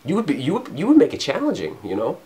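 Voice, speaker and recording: A man going off in an unscripted spiritual rant, rambling and cursing, swinging between loud emphasis and low mutters. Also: huge pitch swings, quick pace. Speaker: vlogger.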